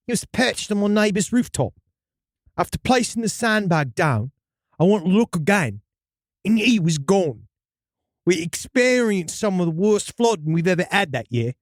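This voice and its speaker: A man's voice: high-pitched, no room sound, studio quality. A man putting on an English-accented storyteller. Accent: put-on English accent. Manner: storyteller, slipping into dramatic outbursts. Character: man telling a childhood Mothman sighting. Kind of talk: reading a listener story aloud.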